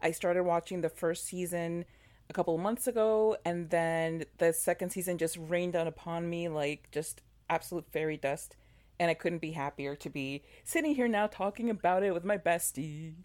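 A woman's voice: lowish voice, normal speed, darkish tone. Teasing woman podcast co-host. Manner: teasing, playful, stammers on restarts. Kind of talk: casual chat.

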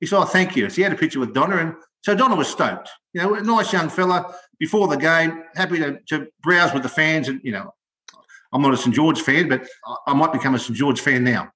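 An older Australian man chatting casually about rugby league, telling stories in an animated way and repeating words as he goes. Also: fairly high pitch, a little fast, echoey room. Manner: animated storytelling, repeats words when excited. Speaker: podcast co-host, former rugby league player. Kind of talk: casual sports chat.

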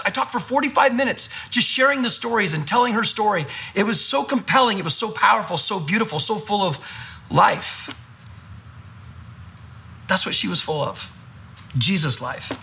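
A male pastor delivers a sermon through lively storytelling. His voice is high and bright, and he repeats phrases for emphasis. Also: slight background noise.

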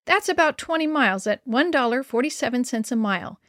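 Woman putting on a matter-of-fact cab dispatcher guy, brisk, fairly high voice. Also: expressive, fairly bright tone, no echo, clean studio sound. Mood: businesslike. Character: businesslike male taxi dispatcher.

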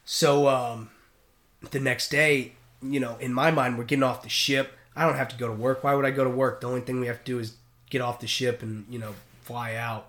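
A man's voice: mid-range voice, fairly quick. A middle-aged man and mariner telling sea stories in casual podcast chat, acting out the voices of the people in them. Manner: animated, acts out voices in anecdotes. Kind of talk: casual storytelling.

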